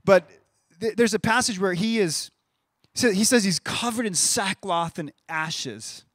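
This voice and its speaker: Male pastor, thirties, conversational sermon, fairly high voice, dry close sound. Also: measured pace, dry recording. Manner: conversational, animated, with playful voiced asides. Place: church stage.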